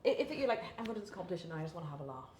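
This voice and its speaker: Young british woman, low voice, chatty with lots of "like", echoey room with a faint hiss. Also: sing-song, very fast, a little mellow. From Britain. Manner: chatty, many fillers, laughs between thoughts. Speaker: professional grappling athlete, interview guest. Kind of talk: candid casual interview talk.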